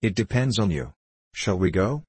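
A calm, precise English gentleman who never raises his voice, as an audiobook reader plays him. The voice sits very low with a husky edge. It is recorded dry and close. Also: normal speed, no room sound. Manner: calm and composed. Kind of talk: audiobook dialogue reading.

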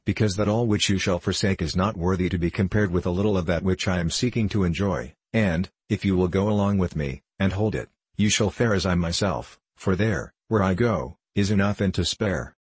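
A man's voice: low-pitched, fairly quick, hardly any pauses, a little mellow, slightly rough, no room sound. Man reading as Christian, a troubled pilgrim. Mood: resolute. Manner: solemn, pleading old-fashioned speech. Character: troubled earnest male pilgrim, grown man. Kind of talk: storybook reading.

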